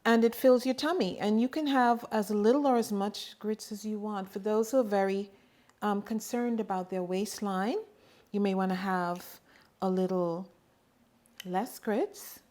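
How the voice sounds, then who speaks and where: A middle-aged woman talks through a recipe in her home kitchen. She takes her time, with a mid-range voice and a relaxed, chatty manner full of little personal asides. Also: mid-range voice, measured pace. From Bahamas. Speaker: home cook and farmer. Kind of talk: cooking demonstration.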